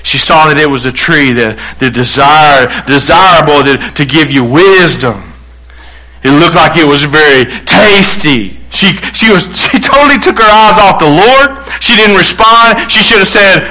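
A man preaching with a high, bright voice. He drives his points hard and slips into the voices of the people he quotes. His sermon rolls on at a quick pace. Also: rough recording. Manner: emphatic preaching, acts out quoted voices, restarts. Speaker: pastor.

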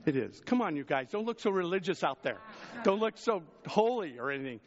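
A man preaching a sermon as pastor, chatty with the congregation, jumping to loud exclamations and dropping to hushed asides. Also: sing-song, brisk, big-room sound, highs cut off. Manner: conversational preaching, swings between raised exclamations and hushed low asides.

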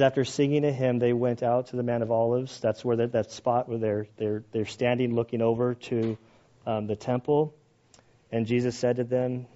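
A man's voice: mid-range voice, muffled recording. A man preaching a sermon conversationally, reading scripture aloud and commenting on it in plain everyday words. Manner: conversational preaching, grows loud and animated. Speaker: pastor.

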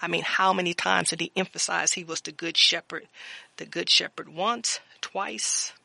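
Preacher type, gravelly and bright-edged, dry close sound, reads verses then adds fervent amens. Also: mid-range voice, steady tone, normal speed, dry recording. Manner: reads scripture aloud with fervent interjections. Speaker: Bible teacher. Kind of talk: Bible study teaching with scripture reading.

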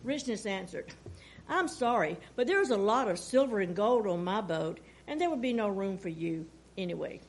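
A woman reading a fable aloud at home, gently, with soft voices for the characters. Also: fairly high pitch, breathy edge. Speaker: storyteller.

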